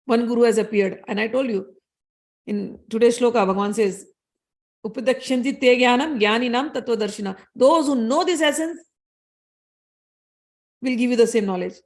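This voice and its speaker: A woman's voice: a little high, moderate pace, long pauses, a little mellow. A woman giving an earnest scripture discourse as a spiritual teacher, repeating key phrases as she explains a story.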